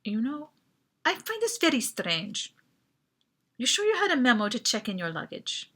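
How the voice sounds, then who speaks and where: A woman doing a calm, formal boy companion. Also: a little high, husky, full character voice. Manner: measured, formal, quiet.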